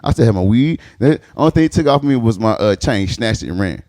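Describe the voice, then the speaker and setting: A man telling rough street stories in a loose, casual podcast chat. He talks quickly, and his pitch swings widely as he drives each story along. He swears freely and breaks into laughs. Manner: animated, profane street storytelling with frequent laughs. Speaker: podcast guest, stand-up comedian.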